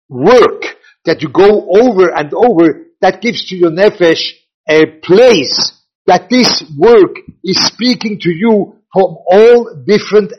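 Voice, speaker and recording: A man's voice: high-pitched, slightly rough. An older man, a rabbi giving an informal Torah lecture, rambling and repeating himself as he mixes in Hebrew and Yiddish terms. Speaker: rabbi teaching a class. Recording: dull lo-fi recording.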